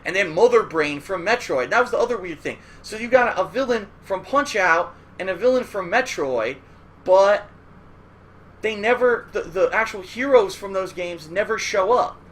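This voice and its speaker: A man's voice: high voice, lively intonation, normal speed. A man hosting a casual, rambling look back at old cartoons, profane and loose, often checking in with "all right?". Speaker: host. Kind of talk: casual retrospective commentary.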